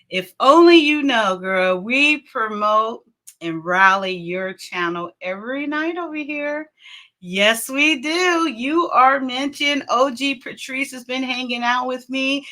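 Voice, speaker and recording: A woman's voice: on the high side, sharp tone. A middle-aged woman hosting a casual livestream, chatting and greeting viewers by name with frequent laughs. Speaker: livestream host.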